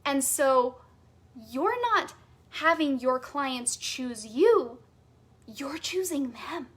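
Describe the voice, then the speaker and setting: A woman with a high, bright-toned voice teaches a live coaching masterclass. She talks casually with "like" and "right?" and leans on repeated phrases for emphasis. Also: lively intonation, drawn-out words. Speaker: sales and human design coach.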